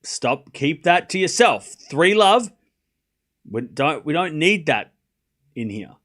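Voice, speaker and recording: A man's voice: a little high, sing-song, takes it slowly, fairly bright tone. A man hosting a live tennis watchalong stream, commentating on points and playfully scolding and pleading with his chat.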